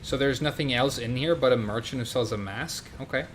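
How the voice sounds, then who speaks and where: Casual male game streamer with a Swedish accent, mid-pitched and chatty, steady noise in the background. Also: fairly quick. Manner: chatty, talks to viewers and in-game characters. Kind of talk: casual live gameplay commentary.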